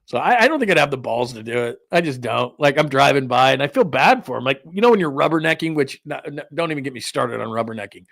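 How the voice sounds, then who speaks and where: A man's voice: medium pitch, animated, fast talker, gravelly, hardly any pauses, a bit bright, no room sound, studio quality. A middle-aged man hosting a sports talk show, chatting casually in a rambling way and laughing often. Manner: rambling storytelling with frequent laughs. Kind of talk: casual chat.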